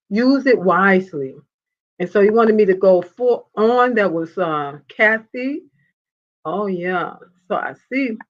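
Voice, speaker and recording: A woman hosts a live faith talk show, chatting through viewer comments and telling stories with lively, laughing energy. Her voice sits at a middle pitch. The audio is somewhat dull and lo-fi. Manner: animated storyteller, laughs often, acts out quotes. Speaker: show host. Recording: dull lo-fi sound.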